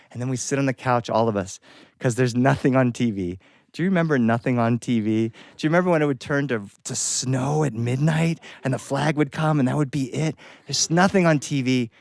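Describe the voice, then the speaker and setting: Animated male storyteller, dry sound. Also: mid-range voice, dry recording. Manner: lively, animated, chuckles at his own story. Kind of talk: live oral storytelling.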